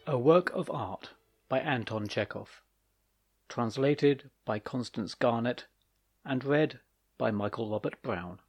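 A man narrating short stories for an audiobook with expressive, lively delivery. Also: medium pitch, slow pace, husky.

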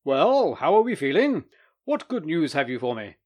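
A man's voice: on the high side, very animated, moderate pace, darkish tone, pitched above the performer's own voice. A man voicing a doctor who hesitates and hems when put on the spot. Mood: hearty. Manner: hesitant, hemming and hawing. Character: man doctor, hearty then embarrassed.

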